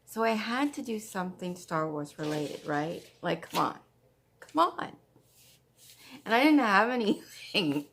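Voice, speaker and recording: A woman's voice: mid-range voice, lively intonation, moderate pace, a bit bright, slight background noise. A woman hosting a stitching vlog, chatting casually and gushing over her projects, often repeating herself. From Canada. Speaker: flosstube host. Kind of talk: casual show-and-tell chat.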